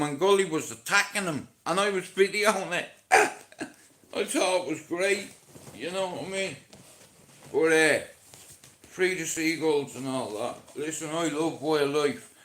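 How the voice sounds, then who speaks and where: A man's voice: fairly high pitch, a bit bright. A man from Ireland hosting a casual live stream from his phone at home, telling profane, sarcastic stories and acting out both sides of each conversation. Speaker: livestream host.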